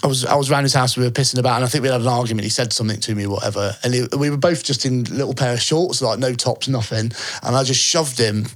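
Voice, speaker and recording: A man's voice: mid-range voice, fast talker, hardly any pauses. Laughing, rambling male storyteller. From English Midlands. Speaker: podcast co-host. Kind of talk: casual chat.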